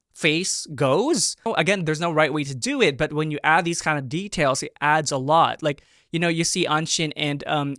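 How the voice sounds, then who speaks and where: A lively man in his thirties talks through a dance performance in a casual, animated way and keeps breaking into excited exclamations. His voice sits a little on the high side. The sound is close and dry, with no room around it. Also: no echo. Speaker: reaction video host, performer. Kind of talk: casual reaction commentary.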